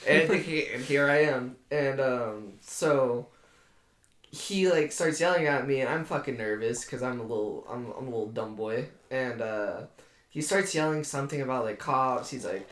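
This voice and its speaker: A man's voice: medium pitch, moderate pace, fairly bright tone. A young man co-hosting a podcast, telling a story in a sarcastic, swear-heavy way and laughing along as he goes. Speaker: podcast co-host. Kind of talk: casual storytelling among friends. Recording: roomy echo.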